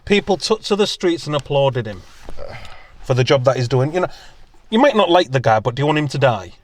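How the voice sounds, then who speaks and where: A man's voice: medium pitch, sing-song, fairly quick. A man co-hosting a podcast from a car, bantering casually with plenty of swearing. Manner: swearing, jokey, puts on voices for quotes. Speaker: podcast co-host. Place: in a parked car.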